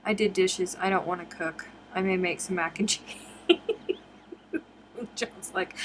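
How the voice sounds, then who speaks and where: A woman's voice: on the low side, fairly even intonation, measured pace, pauses often, a little hiss or hum. Chatty woman hosting a live stream. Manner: chatty, reads viewer comments aloud and answers them. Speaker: crochet live-stream host. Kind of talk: casual live-stream chat. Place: home, on a live webcam stream.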